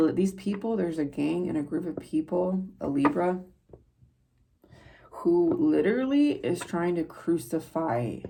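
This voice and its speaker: A woman reads tarot for her viewers in a low, gravelly voice with a husky edge. Her tone is dark and mellow. She talks earnestly and rambles, preaching like a spiritual teacher. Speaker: psychic tarot reader.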